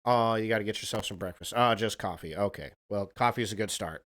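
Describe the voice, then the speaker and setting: A man's voice: fairly low pitch, fast, a bit bright. A man hosting a livestream, reacting to a video and chatting casually with viewers in a rambling, profane way. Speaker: livestream host.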